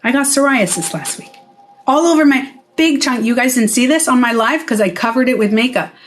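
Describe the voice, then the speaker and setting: A woman's voice: on the high side, animated, fairly quick, a little hiss or hum. A middle-aged woman, a former spa owner, talking straight to camera in a casual vlog. She is blunt, swears freely and acts out the voices she quotes.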